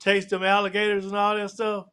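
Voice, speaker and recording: Guy hosting a live show, high and bright, real loose and casual. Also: completely flat delivery, smooth. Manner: casual, drawn-out, repeats "man" and "look here". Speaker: host.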